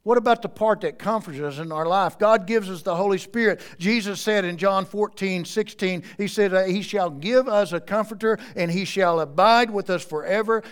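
A man preaching a sermon in church, swinging between quiet, close passages and loud, rising appeals. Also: high-pitched, normal speed, hardly any pauses, clean tone. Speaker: pastor.

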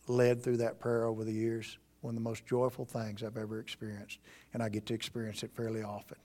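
A middle-aged male pastor preaching a sermon in a church, earnest and pleading, rising to emphatic peaks and dropping to quiet appeals. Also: medium pitch, level tone, fairly quick. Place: church sanctuary.

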